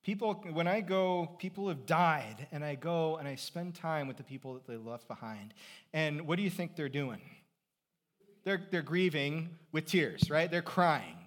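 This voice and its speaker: Preaching as pastor, a middle-aged man talks conversationally at a measured pace. His voice is on the high side and animated, rising to loud emphasis and dropping to quiet reflection.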